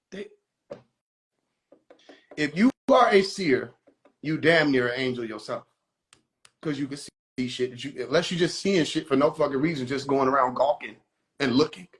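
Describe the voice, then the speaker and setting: A man hosting a phone livestream, mocking people in a profane comedic rant. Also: a little high. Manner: animated, mocking, swears constantly. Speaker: livestream host.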